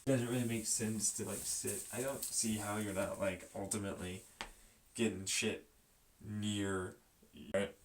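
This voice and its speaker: A man's voice: lowish voice, flat delivery, measured pace, slight background noise. A young man in casual chat, rambling and swearing heavily. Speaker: streamer.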